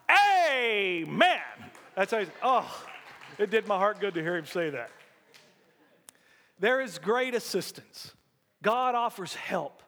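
Pastor preaching folksy in a hall. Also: male voice, a little high. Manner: folksy, animated preaching with call-and-response. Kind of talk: sermon. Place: church sanctuary.

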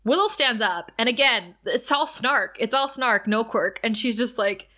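A woman with a bright, crisp voice recaps an episode in casual conversation. She narrates scene by scene with animated energy and reads the characters' lines aloud. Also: fairly high pitch, moderate pace. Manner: animated retelling, reads out dialogue with laughs. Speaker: podcast co-host recapping a TV episode. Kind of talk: casual chat.

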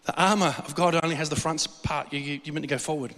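Brief: male pastor, high bright voice, animated storytelling sermon, long hall reverb. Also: fast talker. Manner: animated storytelling with acted-out quotes and laughs.

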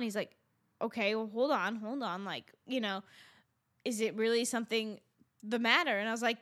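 A woman's voice: fairly high pitch, a little fast. A young adult woman, a podcast co-host, chatting casually and acting out the lines of people in her story. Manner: animated storyteller, acts out quotes.

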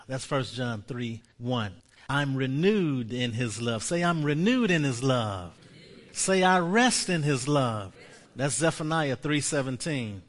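A man preaching a sermon, leading the congregation in slow, emphatic spoken confessions and building to loud, fervent passages. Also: medium pitch. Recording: long hall reverb.

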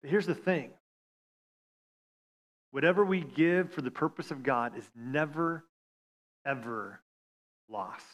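A man preaching a sermon, stammering on restarts and swinging from loud appeals to hushed lines. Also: a little high, slow, pauses often. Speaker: pastor.

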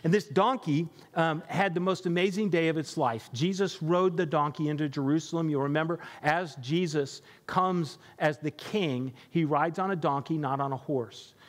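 A pastor giving a sermon in an emphatic, conversational preaching manner. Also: male voice, a little high, moderate pace, few pauses, big-room sound.

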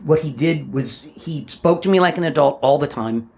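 A man in his fifties, a podcast co-host chatting casually and telling animated personal stories, acting out voices as he goes. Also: on the high side, normal speed, vocal fry, slightly rough. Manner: animated storyteller who acts out voices and laughs along.

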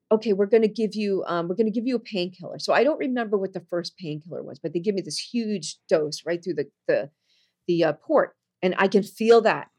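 Sharing a personal story in conversation, an earnest, animated woman goes soft and low for the serious parts. When she quotes people, her voice jumps high.

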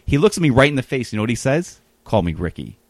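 A guest with a mid-range voice talks very fast on a dry mic, spinning a rambling story. He's animated and casual, with lots of "uh" and "whatnot."

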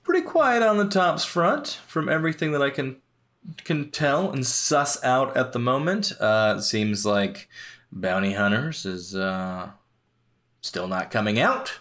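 A man's voice: mid-range voice, animated, unhurried, a bit bright. A man co-hosting a hobby podcast, chatting casually with a dry, joking manner. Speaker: podcast co-host. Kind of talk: casual chat.

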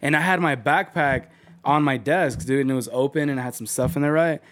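Young guy telling a halting story. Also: a little high, fairly bright tone. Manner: halting, restarts a lot, swears casually. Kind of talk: casual podcast chat.

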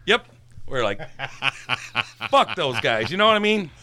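A man's voice: mid-range voice, slow. A middle-aged man telling a long, rambling, profane story from his bartending days in casual chat. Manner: profane, rambling, animated when worked up. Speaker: guest storyteller, former bartender.

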